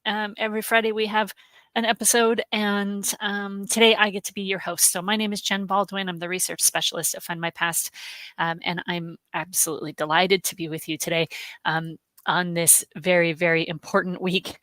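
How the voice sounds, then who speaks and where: A woman hosting a live stream, chatting warmly and greeting viewers by name, with many "um"s, emotional and close to tears. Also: lowish voice, little pitch movement, moderate pace, dry recording. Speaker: host, genealogy research specialist.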